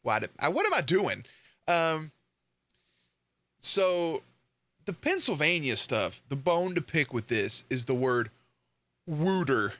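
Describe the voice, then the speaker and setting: A man's voice: a little high, very animated, takes it slowly, pauses often, sharp tone, no room sound. A young man giving casual, blunt reaction commentary to a video, swearing freely and joking.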